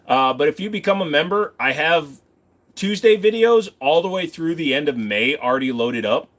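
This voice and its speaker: A man's voice: a little high, lively intonation, moderate pace, a bit bright. A man casually chatting with viewers on a livestream, rambling and joking crudely. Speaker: livestream host.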